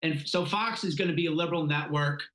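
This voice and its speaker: Blunt, assertive male guest with a high, bright voice, in a roomy echo. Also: quick pace. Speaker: guest commentator. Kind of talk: political commentary.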